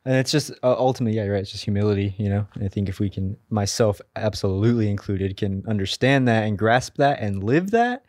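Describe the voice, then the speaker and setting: Thoughtful man, lowish voice, dry sound. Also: expressive, quick pace, hardly any pauses, darkish tone, dry recording. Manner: thoughtful, hesitant, searching for words. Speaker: podcast co-host. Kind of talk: faith podcast discussion.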